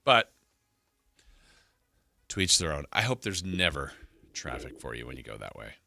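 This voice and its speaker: Casual male sports radio host: low, crisp, very bright voice, rambling studio chat. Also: big pitch swings, moderate pace, soft background music. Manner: rambling, thinks aloud.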